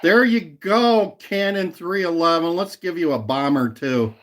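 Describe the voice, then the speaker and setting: A man's voice: high voice, a little slow, noisy background. A man hosting a casual livestream and chatting with viewers, rambling, laughing often and repeating a catchphrase. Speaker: livestream host. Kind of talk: casual chat with live viewers.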